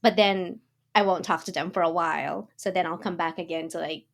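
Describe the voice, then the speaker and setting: A woman from the Philippines co-hosting a podcast, chatting casually, animated and quick to laugh. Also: on the low side, creaky. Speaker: podcast co-host. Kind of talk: casual chat.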